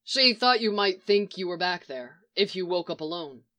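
A woman's voice: on the low side, animated, normal speed, pushed and bright. A woman reading the lines of a cheerful, fond young husband who speaks in an easygoing way.

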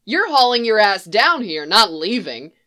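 A woman's voice: expressive, normal speed. A woman voicing a brash, foul-mouthed, hard-drinking young woman in a raised, mocking voice. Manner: loud, mocking, higher put-on voice.

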